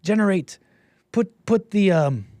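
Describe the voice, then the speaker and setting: A man's voice: expressive, a little slow, dark tone, dry recording. Sarcastic man hosting a livestream, dry sound. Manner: sarcastic, mocking, laughs often, voices quotes in a high mocking tone. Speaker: livestream commentary host. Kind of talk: solo political commentary stream.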